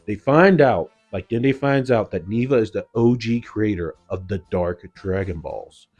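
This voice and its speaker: A man's voice: fairly low pitch, animated, unhurried, darkish tone, dull audio, faint music behind. A man giving a casual, slangy recap of an anime episode, loose and full of "like" and "yo". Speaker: anime reviewer.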